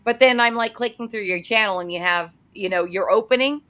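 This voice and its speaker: A woman's voice: medium pitch, brisk, sharp tone. A woman interviewing a guest in a loose, chatty way, full of fillers and casual asides.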